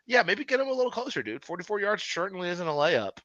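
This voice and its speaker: A man co-hosting a casual sports podcast, excitable and swearing freely, with quick asides. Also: high-pitched, no echo, dull audio. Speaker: podcast co-host.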